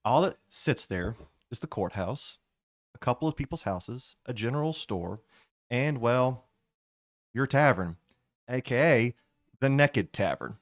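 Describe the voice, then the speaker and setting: A man acting as game master, narrating a tabletop game in a lively, casual way. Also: mid-range voice, measured pace, long pauses, no room sound, studio quality.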